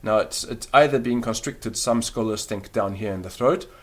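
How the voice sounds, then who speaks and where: A man's voice: on the low side, moderate pace. A man teaching a recorded beginner language lesson, explaining patiently and demonstrating the sounds aloud.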